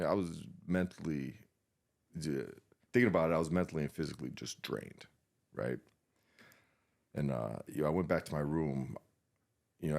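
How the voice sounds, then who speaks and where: A man with an extremely deep, gravelly voice recounts a painful memory as a podcast guest. He speaks haltingly and sounds shaken and subdued, restarting his sentences, filling gaps with "you know" and swearing often. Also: darkish tone. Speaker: podcast guest, war veteran. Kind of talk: emotional personal storytelling.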